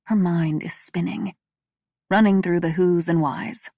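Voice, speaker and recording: Gravelly-voiced woman narrating an audiobook. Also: lowish voice, steady tone, measured pace, warm tone, no echo, studio quality.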